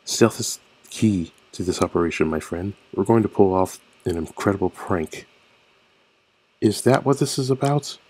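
A man's voice: deep voice, normal speed, darkish tone, husky. A man reading the part of a scheming young male student who plans a prank, in a conspiratorial tone and often tripping over the words. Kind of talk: reading game dialogue aloud.

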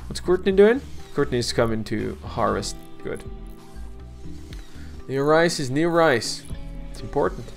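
Unhurried gamer muttering over his colony. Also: mid-range voice, animated, vocal fry, faint music behind. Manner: talks to his colonists, grumbles and swears at setbacks. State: clearing his throat. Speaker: let's play gamer. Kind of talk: casual gameplay commentary.

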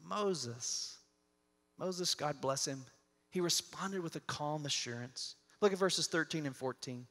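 A man preaching a sermon as pastor, conversational, often restarting his words and dropping his voice low and soft for scripture quotes. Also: a little slow. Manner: conversational, with repeated restarts and softened dramatic quotes. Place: church sanctuary. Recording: long reverb of a large church hall.

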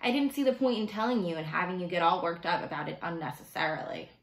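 A woman reading aloud as a gentle, coaxing mother who reassures her son. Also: on the low side, lively intonation, quick pace, reverberant, rough recording.

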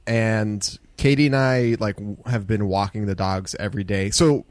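A man's voice: lowish voice, normal speed, no echo. A young man talking as a podcast guest, laid-back and rambling with many fillers. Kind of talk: casual podcast chat.

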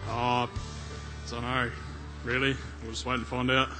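A young man competitor, answering interview questions quietly and hesitantly. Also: medium pitch, little pitch movement, measured pace, over music. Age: young adult. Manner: quiet, hesitant, few words.

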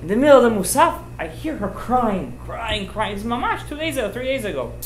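A man, a rabbi giving an informal sermon, telling stories with emphatic, animated delivery and sprinkling in Hebrew and Yiddish terms. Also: very high voice, fairly quick, faint music behind. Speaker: rabbi giving a Torah class. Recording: roomy echoey room.

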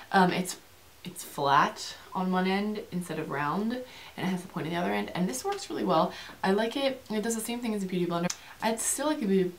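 Young adult woman, chatty vlogger, low-ish voice, talks fast and rambles, faint background noise. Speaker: beauty vlogger. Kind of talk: casual chit-chat.

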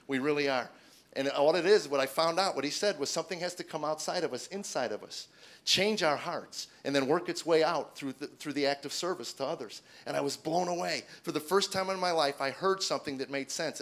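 A man in his forties doing stand-up, telling a self-deprecating personal story and acting out the dialogue with his wife in shifting voices. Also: on the high side. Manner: self-deprecating, acts out dialogue in shifting voices, rises to excited near-shouts. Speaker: stand-up comedian. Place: stage before a live audience.

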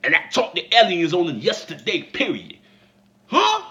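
A man giving a comedic commentary vlog, laughing and breaking into mock shouts. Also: high voice, huge pitch swings, normal speed, dull audio. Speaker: vlogger.

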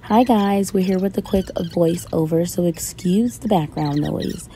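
A woman's voice: fairly low pitch, measured pace, dark tone, a little hiss or hum. A young adult woman giving a chatty, self-mocking voice-over. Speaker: co-host. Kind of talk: casual voice-over.

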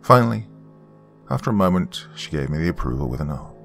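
Man, horror story narrator, very deep, animated delivery. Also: fast, gravelly. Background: faint background music.

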